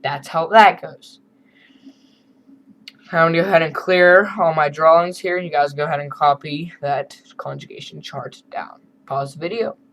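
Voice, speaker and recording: A man's voice: on the high side, fairly even intonation, normal speed, fairly bright tone, slight background noise, rough recording. A man teaching a beginner Spanish lesson over a screen recording, explaining in a casual, chatty way with asides.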